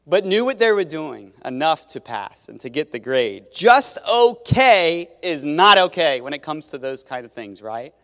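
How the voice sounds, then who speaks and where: A man's voice: a little high, big pitch swings, a little slow, hardly any pauses, fairly bright tone. Chatty male preacher in a reverberant hall. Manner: conversational, restarts phrases, asks the audience questions. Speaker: pastor. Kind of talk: sermon. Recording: long reverb of a large hall.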